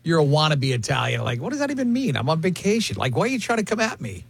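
Lively, animated male radio host. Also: high-pitched, rapid-fire, slightly rough, no echo. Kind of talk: casual morning radio banter. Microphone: studio microphone.

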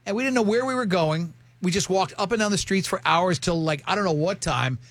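A man in his fifties, chatting casually and telling rambling, animated stories about his marriage with lots of restarts. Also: sits high, a little fast, no echo. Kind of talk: casual chat.

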